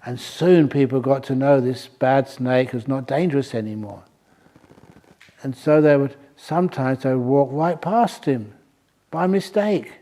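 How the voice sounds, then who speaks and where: This man, a Buddhist monk, speaks at medium pitch with a dark tone. At a retreat he spins a playful tale and answers questions, often chuckling at his own humor, in a Dhamma talk built around storytelling and Q&A.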